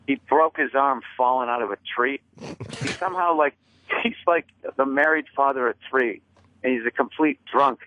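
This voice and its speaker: A man telling stories in a casual chat, deadpan and self-mocking, calling in as a comedian guest. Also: medium pitch, moderate pace. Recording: dry tinny phone line.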